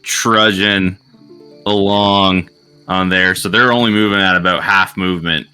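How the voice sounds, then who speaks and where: A man's voice: low voice, steady tone, measured pace, pushed and bright, smooth. A man narrating as game master in loose, vivid style, throwing in sound effects.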